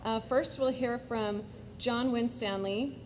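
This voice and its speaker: A woman moderating an event in a high school auditorium, briskly reading the speaker introductions from a program. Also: fairly even intonation, a little hiss or hum.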